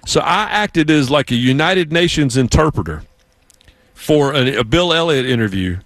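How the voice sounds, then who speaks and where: A man's voice: a little high, moderate pace, no echo. A man from South Carolina with a Southern accent, hosting a sports radio show and telling stories in casual chat. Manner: storytelling, lively put-on voices for others.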